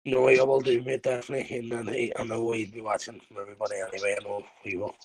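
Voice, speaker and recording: A man chats on a voice call with a middle-pitched voice. He rambles, doubles back on his words and swears freely as he banters with the panel. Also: little pitch movement, quick pace, breathy edge, rough recording. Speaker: livestream panel host. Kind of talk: casual banter on a livestream panel.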